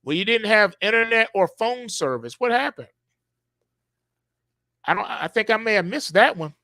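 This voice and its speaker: A man's voice: high voice, expressive, normal speed, sharp tone, no echo, clean studio sound. A man hosting a live stream, talking in an emphatic, preachy way, repeating himself and stretching words out for effect.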